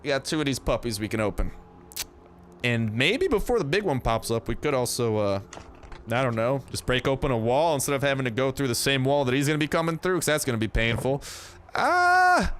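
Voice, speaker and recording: A man's voice: medium pitch, expressive, quick pace, a little hiss or hum. A young man giving casual, slangy gameplay commentary, chatty and full of jokey asides.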